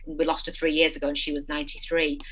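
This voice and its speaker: A young adult woman, a guest telling a personal story in casual chat, animated and emotional. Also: low voice, very fast, slight background noise.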